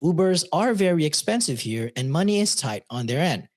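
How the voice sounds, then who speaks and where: Man, podcast co-host, casual story reading, loose and sweary, bouncy pitch. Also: big pitch swings, brisk. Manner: loose, swearing, reads in a chatty tone.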